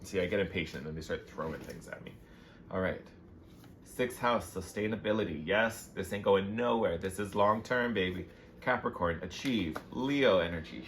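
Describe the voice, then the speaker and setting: A man doing a casual tarot reading to camera, gushing and excitable about each card. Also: low-pitched, normal speed. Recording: noisy background hiss.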